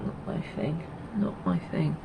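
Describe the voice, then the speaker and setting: Her voice is low and gravelly, unhurried, with fairly even intonation, as this Essex knitting podcaster rambles chattily to camera with plenty of ums and asides. The recording has the highs cut off and a noisy background.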